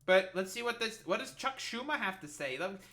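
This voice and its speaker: Male commentator, sarcastic and profane, piercing bright tone. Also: high-pitched, expressive, brisk. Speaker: political commentator. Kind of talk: ranting reaction commentary.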